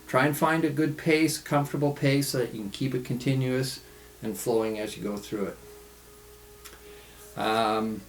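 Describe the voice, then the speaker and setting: A man teaching tai chi in a home studio, calmly calling out the steps of a follow-along routine. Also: medium pitch. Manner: calm, relaxed, calls out steps slowly. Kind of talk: follow-along movement instruction. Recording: echoey studio room.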